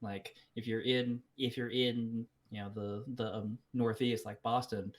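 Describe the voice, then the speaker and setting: A man co-hosts a podcast in casual chat. His voice sits at an average pitch, and he mostly chimes in with short, dry remarks. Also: flat delivery, a little slow. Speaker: podcast co-host.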